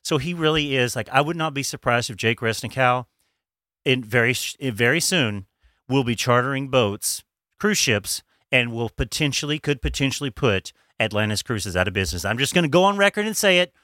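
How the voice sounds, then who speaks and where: A man with a bright, forward voice talking in a chatty, gossipy way as a podcast co-host, laughing often. The recording is dry and close. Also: mid-range voice, animated, a little fast, no echo. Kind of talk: casual chat.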